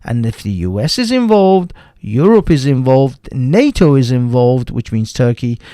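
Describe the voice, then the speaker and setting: A man's voice: mid-range voice, a little mellow, no room sound, clean studio sound. A man hosting a live stream, ranting in profane, heated commentary that often breaks off and restarts. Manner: profane, heated, interrupts himself. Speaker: livestream host.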